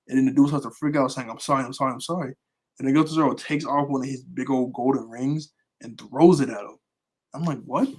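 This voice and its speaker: A man chatting casually in a fan review, rambling with many fillers and quick chuckles. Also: medium pitch, poor audio. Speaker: anime vlogger.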